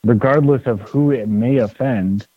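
A man's voice: mid-range voice, measured pace, dry recording. A man in a casual podcast conversation, talking in an opinionated, conversational way. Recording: dry tinny phone-like sound.

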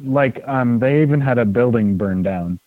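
A man's voice: mid-range voice, moderate pace, no echo. Man, podcast guest, opinionated, conversational, dry tinny phone-like sound.

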